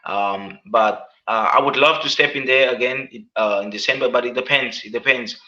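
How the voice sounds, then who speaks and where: A man's voice: mid-range voice, normal speed, sharp tone. A man being interviewed as an MMA fighter, talking earnestly and casually, repeating his words and often adding "man". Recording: dull, lo-fi sound.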